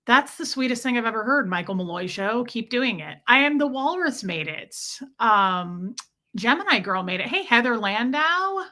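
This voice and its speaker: A woman hosts a relaxed livestream and greets each viewer by name as the comments roll in. Her voice is bright and clear, and her talk is chatty and playful, full of small jokes. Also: a little high, moderate pace. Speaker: livestream host greeting chat. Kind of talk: casual livestream chat.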